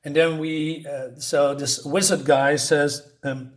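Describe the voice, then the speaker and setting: A man's voice: on the high side, level tone, takes it slowly, hardly any pauses. A man reviewing a comic book in a scornful, exasperated rant, often stumbling into restarts.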